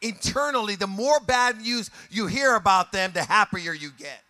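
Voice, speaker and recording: A pastor preaching a sermon with animated delivery, dropping to quiet asides and rising to shouted passages, acting out other people's voices along the way. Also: male voice, sits high, normal speed, no echo. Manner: acts out voices of people and scenes in his preaching.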